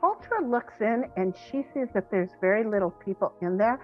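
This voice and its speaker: A woman's voice: medium pitch, animated, moderate pace, soft background music. A woman playing a tabletop game, playful and dreamy. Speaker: player. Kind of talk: casual tabletop play. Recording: dull lo-fi mic.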